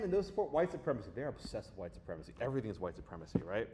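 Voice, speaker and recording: A middle-aged man giving a lively, conversational lecture to an audience, often checking in with a quick "right?". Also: mid-range voice. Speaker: law professor giving a guest lecture. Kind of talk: animated lecture with slides.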